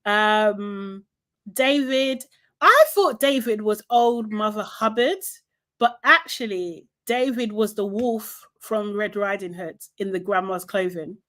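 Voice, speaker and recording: A woman's voice: mid-range voice, slow pace, a bit bright. A woman co-hosting a podcast, recapping a reality show in casual chat and acting out quotes with lots of laughter. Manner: chatty, laughs often, acts out quotes. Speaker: podcast co-host.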